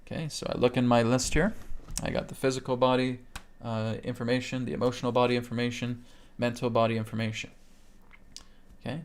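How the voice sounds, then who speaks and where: Guiding viewers through breath work on a live webcast, a meditation instructor speaks briskly in a gravelly, mid-range voice. He's calm and flat in tone, moving step by step through the healing technique and checking in with "okay?" again and again.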